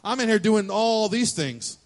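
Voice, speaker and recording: An overworked, indignant woman complains in a raised, pleading voice, as a male preacher puts her on mid-sermon. She sounds fed up and pushes each line higher. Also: animated, a little slow. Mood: exasperated.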